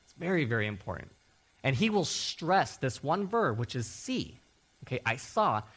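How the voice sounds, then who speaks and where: A man preaching a sermon as a Bible teacher, emphatic and animated, repeating key words and often checking in with "okay?". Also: mid-range voice, moderate pace, husky.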